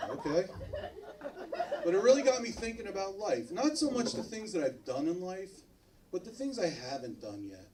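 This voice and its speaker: A man's voice: sits high, normal speed, distant mic, noisy background. A man doing a stand-up comedy set on a club stage, acting out the other people in his jokes. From New Jersey, US. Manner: animated, acts out other characters in his jokes.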